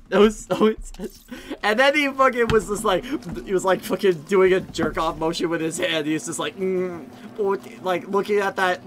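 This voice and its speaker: A man's voice: high voice, a bit bright. A male streamer chatting casually while playing a game live, giggling often and swearing freely as he rambles.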